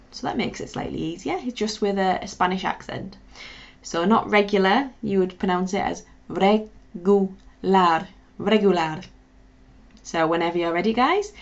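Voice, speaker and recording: Encouraging woman teacher with a gravelly edge. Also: lowish voice. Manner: encouraging, spells words out, repeat-after-me drills. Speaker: language teacher. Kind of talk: beginner language lesson. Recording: dull lo-fi sound.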